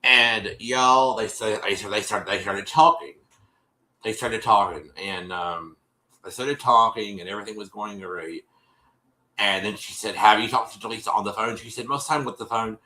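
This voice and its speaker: A man's voice: lowish voice, moderate pace, sharp tone, echoey room, poor audio. A man hosting a live stream, casually recapping a show in a rambling way, with many restarts and fillers. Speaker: host.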